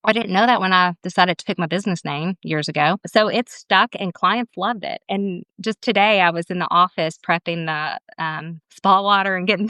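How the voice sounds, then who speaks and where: A woman's voice: mid-range voice, no room sound. A woman esthetician and business owner telling stories in a casual interview, chatty and laughing often. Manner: chatty, laughs often, quotes others in lively asides; calls herself camera shy.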